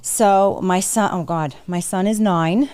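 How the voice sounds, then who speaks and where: A woman in her forties, a podcast guest, talking frankly and chattily in quick bursts. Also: on the low side, a little mellow, clean tone, no echo, clean studio sound. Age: 40s. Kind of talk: candid casual conversation.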